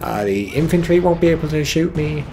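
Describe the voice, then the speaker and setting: A man doing a pompous boastful British player in a fake British accent, higher than his usual voice, gravelly edge, noisy recording. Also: lively intonation, a little fast. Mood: gloating. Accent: put-on British. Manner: pompous, boastful, self-satisfied. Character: smug gloating male British player.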